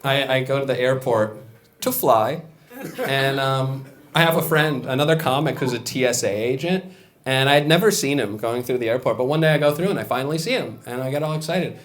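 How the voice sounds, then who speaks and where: A young man doing a stand-up set on a club stage, deadpan, with mumbled asides and loud punchlines. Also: on the high side, a little fast. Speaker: stand-up comedian. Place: comedy club stage with a live audience. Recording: laughing crowd in a room.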